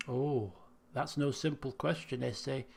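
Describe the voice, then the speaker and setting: A man voicing a burnt-out former addict turned mystic in a video game, speaking slowly in a hushed, solemn tone. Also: medium pitch, vocal fry, slightly rough, pitched below the performer's own voice. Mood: solemn, dreamy.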